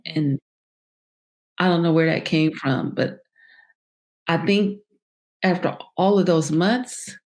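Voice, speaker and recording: A woman speaks as a podcast guest with a slightly low voice. Her story comes out haltingly, with many fillers, pauses and restarts. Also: a little mellow. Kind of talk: personal storytelling in an interview.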